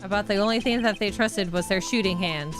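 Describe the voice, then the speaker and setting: A woman's voice: medium pitch, brisk, close to an everyday voice. A woman reading out the lines of a laid-back male cowboy detective in a game, over game music. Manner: reads game dialogue aloud plainly.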